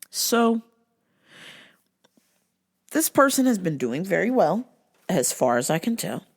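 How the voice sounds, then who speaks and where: A woman hosting a podcast, talking casually to her listeners in a profane, animated rant. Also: medium pitch, slow, long pauses. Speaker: podcast host. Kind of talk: casual solo monologue.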